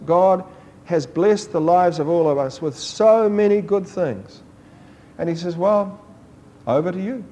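A man preaches a lively sermon in a fairly high voice. He tells stories and acts out the people in them, his pitch jumping up for the quoted lines. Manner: animated storytelling, acting out quoted voices with rising pitch.

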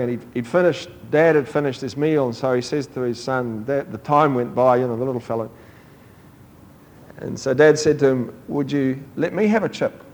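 A man preaching a sermon, telling stories and acting out quoted voices. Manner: animated storytelling, acting out quoted voices with rising pitch.

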